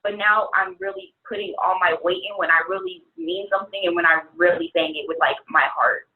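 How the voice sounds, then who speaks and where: A young woman interview guest, speaking softly and hesitantly with a slight stutter. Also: lowish voice, animated, a little fast. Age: young adult. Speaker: interview guest, program member. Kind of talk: casual interview answers. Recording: tinny phone-like sound.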